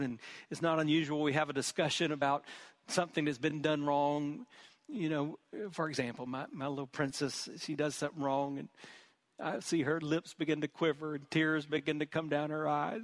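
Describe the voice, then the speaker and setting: A man's voice: a little high, little pitch movement, normal speed, dry recording. A middle-aged male pastor preaching a sermon in an earnest, emphatic way, often repeating words.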